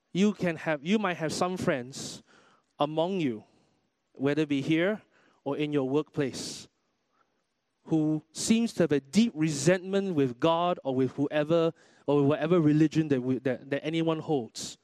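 In a church, a pastor whose voice sits high for a man preaches animatedly, acting out short quoted exchanges. The recording is dry and close.

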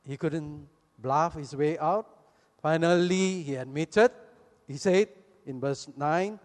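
A man preaches a sermon. He acts out the people in his story as he retells it, taking his time in a slow delivery. His voice carries a long reverb from the church hall. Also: fairly high pitch.

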